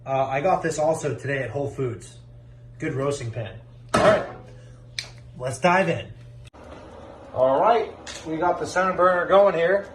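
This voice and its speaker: A home cooking vlogger casually talks through a recipe while cooking in his kitchen, upbeat, chatty and joking. His voice is on the high side and a little slow, with long pauses, against a noisy background.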